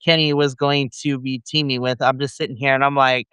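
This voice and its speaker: A man co-hosting a casual podcast, animated and playful, acting out his reactions. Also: a little high, normal speed, hardly any pauses, smooth, no echo. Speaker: podcast co-host.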